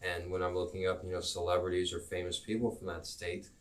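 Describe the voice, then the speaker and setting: A man teaching geography on a live stream, rambling and halting as he goes. His voice sits on the low side. He sounds a little distant from the microphone. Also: completely flat delivery. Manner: rambling, halting, self-promoting.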